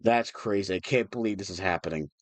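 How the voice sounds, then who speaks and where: A man's voice: sits low, a little fast, no room sound. A young man chatting on a livestream, emotional and rambling, restarting his sentences often. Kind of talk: casual livestream chat.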